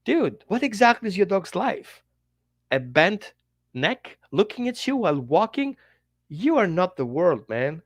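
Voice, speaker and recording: A man dog trainer giving an animated teaching talk straight to the viewer, in slightly non-native English, acting out little quotes as he goes. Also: sits high, a little slow, dry recording. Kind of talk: direct-to-camera teaching talk.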